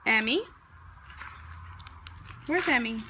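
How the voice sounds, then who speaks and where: Young mom w a high voice coaxing her little kids in singsong, noisy home video. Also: lively intonation, takes it slowly. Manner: coaxing sing-song talk to small children. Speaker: mother. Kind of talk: home video chat with toddlers.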